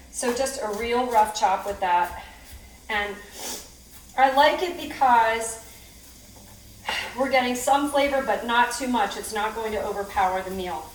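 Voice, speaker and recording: A woman's voice: medium pitch, a bit bright. Chatty woman cooking in an echoey kitchen. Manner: chatty and upbeat, laughing at herself. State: teary-eyed from cutting onions. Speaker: cooking video host. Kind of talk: casual cooking demonstration. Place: home kitchen, roomy and echoey. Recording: echoey kitchen, mic far off, cooking noise. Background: clatter of knives, pots and dishes.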